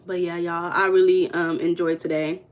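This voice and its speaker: A woman's voice: on the low side, little pitch movement, normal speed. A woman hosting a casual livestream, chatting straight to her viewers and repeating herself as she goes. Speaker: livestream host.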